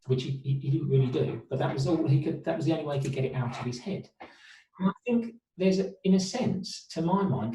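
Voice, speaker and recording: A man's voice: mid-range voice, mellow. A man, a therapist and trauma specialist, answering interview questions thoughtfully in long reflective runs with rhetorical questions. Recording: roomy, distant mic.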